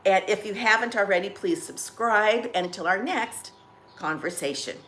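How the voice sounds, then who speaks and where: A woman's voice: medium pitch, normal speed, a bit bright, a little hiss or hum. A woman hosting a casual coffee-chat vlog, rambling and chatty as she tells stories to her viewers. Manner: rambling, chatty, restarts and trails off. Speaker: vlog host.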